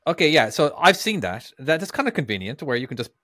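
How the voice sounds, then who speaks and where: A man's voice: a little high, very animated, quick pace, fairly bright tone, dry recording, studio quality. An American man co-hosting a podcast in casual chat, rambling and repeating his words as he goes. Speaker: podcast co-host.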